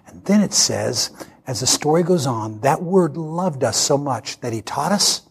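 A man in his sixties preaching a sermon, telling a personal story in an animated way and acting out the dialogue. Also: fairly high pitch, unhurried, gravelly, breathy edge. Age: 60s.

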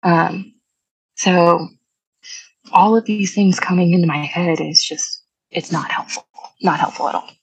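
Husky, gravelly-voiced young woman. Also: on the low side, dry recording, low-quality recording. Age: young adult. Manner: quiet, halting, reflective. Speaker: guest. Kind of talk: personal storytelling interview.

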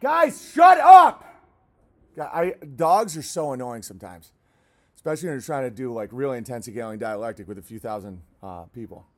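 A man hosting a livestream, rambling in a casual, profane rant and now and then breaking off to yell at barking dogs. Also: medium pitch, fast. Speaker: livestream host.

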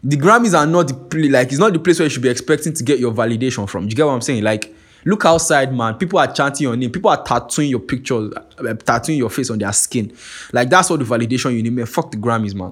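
A young Nigerian-accented man, talking loose and animated on his own podcast. He swears freely and keeps checking that the listener follows him. His voice sits at an ordinary male pitch. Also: fast, slightly rough. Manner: animated and profane, keeps asking "you get what I'm saying". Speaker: podcast host. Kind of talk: casual monologue.

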